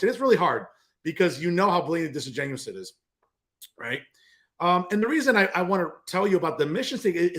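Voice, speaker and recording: Sarcastic animated New Jersey man ranting. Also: fairly high pitch. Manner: sarcastic, scoffing, animated rants. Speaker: show host and political commentator. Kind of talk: talk show commentary.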